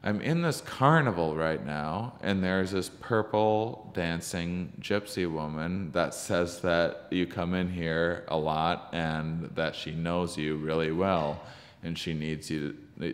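Deep-voiced man in a reverberant room. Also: little pitch movement. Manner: halting, full of ums and restarts. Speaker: podcast guest, comedian. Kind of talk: casual storytelling interview.

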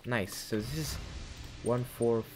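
A man's voice: medium pitch, takes it slowly, darkish tone, a little hiss or hum. A young man giving casual commentary over a game, reading in-game text aloud with joking asides. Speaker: gaming channel host.

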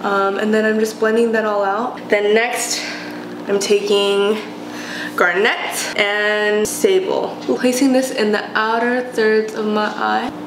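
A woman chatting casually while doing her makeup, gushing and excitable, a bit self-deprecating, and sick today. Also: medium pitch, takes it slowly, reverberant, noisy background. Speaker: beauty vlogger. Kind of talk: casual get-ready-with-me chat.

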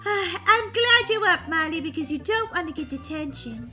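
A woman voicing a caring mother in a skit, gentle and concerned. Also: very high voice, animated, moderate pace, soft background music, heavily acted.

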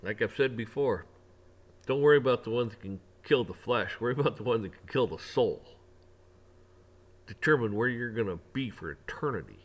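A man's voice: medium pitch, lively intonation, moderate pace. Preachy man ranting emphatically. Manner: preachy and emphatic, repeats phrases, swears; religious preaching tone. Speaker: online commentator. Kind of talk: ranting opinion monologue.

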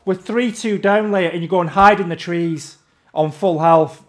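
A man's voice: high-pitched, moderate pace. A man ranting in exasperation while commentating his own gameplay. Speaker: gamer.

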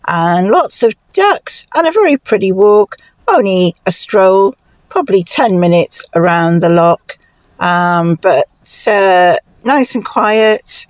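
A woman narrating her travel vlog in a chatty, relaxed way, pausing on fillers. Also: dry recording. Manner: coos to her dogs in high sing-song tones. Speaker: travel vlogger.

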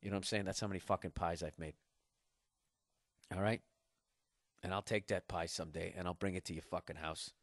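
This podcast host, a man in his forties with a Boston accent, rants solo while reading listener email, bragging and swearing with mock aggression. He speaks briskly in a low, steady voice with frequent pauses, in a dry, clean studio recording.

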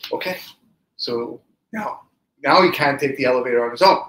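Animated male rabbi telling a story. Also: medium pitch, brisk, roomy sound, low-quality recording. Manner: animated storyteller, acting out quoted speech. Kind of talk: storytelling Torah class.

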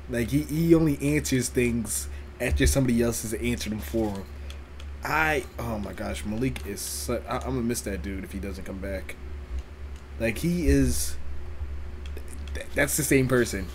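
A man's voice: mid-range voice, a little mellow, slight background noise. Rambling casual man reacting to clips. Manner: rambling, repeats himself, laughs while telling stories. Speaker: streamer reacting to a video.

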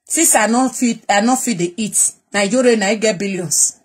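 A woman's voice: mid-range voice, moderate pace, slight background noise. Defiant Nigerian woman from Edo. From Edo State, Nigeria. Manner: switches between Pidgin and Edo dialect, challenging and defiant. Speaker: vlogger. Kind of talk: direct-to-camera live video rant.

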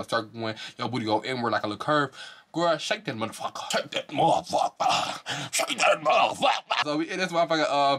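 A man giving a casual, profane, animated review of a reality show to his viewers. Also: medium pitch. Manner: profane, animated, exaggerated reactions.

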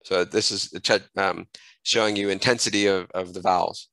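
A man with a fairly low but bright, forward voice talks through a screen-recorded software tutorial at his computer. At a moderate pace with fairly even intonation, he thinks aloud, restarts phrases and corrects himself as he clicks. The sound is dry and close, with no room echo.

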